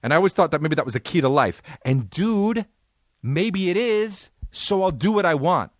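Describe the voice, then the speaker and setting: A man's voice: sits high, lively intonation, moderate pace, dry recording, clean studio sound. A man hosting a comedy podcast, ranting in a profane, sarcastic way. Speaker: podcast host.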